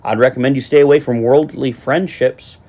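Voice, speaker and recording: A man's voice: medium pitch, steady tone, brisk, darkish tone. Earnest man preaching a sermon. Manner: earnest preaching with repeated refrains and direct address. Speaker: pastor.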